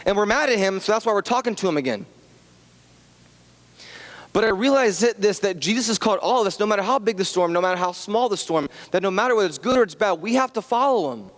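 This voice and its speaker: Male pastor, 30s, higher voice, chatty and self-mocking, big hall reverb. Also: expressive, fast talker. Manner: chatty and self-deprecating, many restarts and asides. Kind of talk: conversational sermon with personal stories. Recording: long reverb of a church hall.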